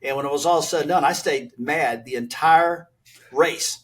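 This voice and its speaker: Husky older man telling racing stories. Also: a little high, normal speed. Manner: acts out quoted exchanges, blunt and folksy. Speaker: retired race car driver, podcast guest. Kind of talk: animated storytelling.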